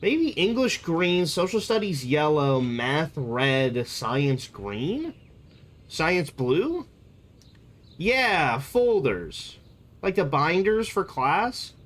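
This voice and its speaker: Slow, playful rambling streamer. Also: medium pitch, very animated. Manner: rambling, playful, jumps between topics. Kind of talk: casual live-stream chat.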